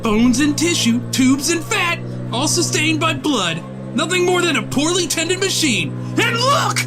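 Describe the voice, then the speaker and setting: A man's voice: extremely high pitch, sing-song, measured pace, exaggerated voice. A man playing a manic young male killer who lectures with sneering contempt and bursts into cackling. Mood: lecturing. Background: loud music.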